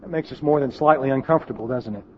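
A man preaching a sermon in an auditorium, telling a story and dropping to a hush at its emotional moments. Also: mid-range voice, quick pace, dull audio, slight background noise.

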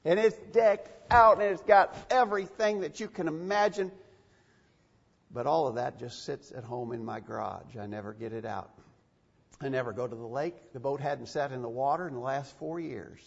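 A man's voice: mid-range voice, gravelly, a little mellow, slightly rough. A man preaching a sermon in a church, emphatic and given to repeating phrases for stress. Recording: dull, echoey church recording.

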